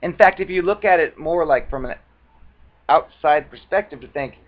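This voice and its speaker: A man with a voice pitched a little above the usual talks straight to camera in an easy, conversational advice monologue. He slips into quick acted bits when quoting others. The recording sounds dull and lo-fi. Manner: conversational, acts out quoted retorts. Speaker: advice vlogger. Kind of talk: casual talking-head monologue.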